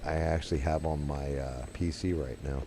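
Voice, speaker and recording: A man's voice: extremely low pitch, steady tone, moderate pace, noisy background. A middle-aged man hosting a stream, chatting casually and rambling while gaming, swearing offhandedly into a desk microphone. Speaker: streamer, host.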